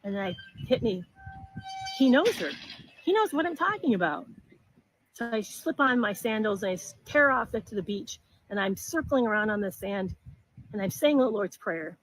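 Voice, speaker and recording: A middle-aged woman telling a personal story in an earnest, halting way, often restarting her sentences. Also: mid-range voice, expressive, dry recording, low-quality recording.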